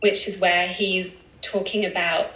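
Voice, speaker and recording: British woman guest, gentle thoughtful chat, roomy sound. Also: lowish voice, little pitch movement, unhurried. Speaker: podcast guest. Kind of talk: casual interview chat.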